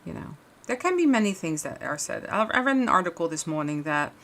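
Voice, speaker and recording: Low-voiced woman chatting while she crafts. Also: very animated, brisk, fairly bright tone. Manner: rambling, with frequent restarts and fillers. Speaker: crafting livestream host. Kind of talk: casual chat while crafting.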